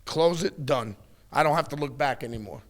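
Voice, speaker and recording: A middle-aged man in a candid interview, talking bluntly and with plenty of swearing as he tells animated stories. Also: a little high, moderate pace. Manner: blunt, profane, animated storytelling. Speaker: wrestling guest.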